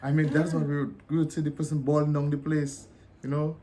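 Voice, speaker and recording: Dominican guy explaining words, gets animated and loud, faint hum behind him. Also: fast talker. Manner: animated, explains at length, jumps high when he gets excited. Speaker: guest. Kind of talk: casual chat comparing dialects.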